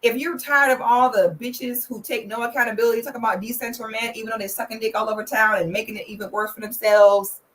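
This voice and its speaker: A young woman giving blunt, profane, big-sister style commentary in a casual vlog, slipping into loud playful shouting now and then. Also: fairly even intonation, fast, hardly any pauses, a little hiss or hum, poor audio. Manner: bursts into loud playful shouting when pitching her membership. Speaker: vlogger commenting on celebrity relationships.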